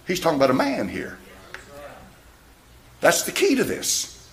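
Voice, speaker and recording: A man's voice: on the high side, huge pitch swings, a little slow, vocal fry, a bit bright. A man preaching a sermon in a church, firing rhetorical questions at his congregation. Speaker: pastor.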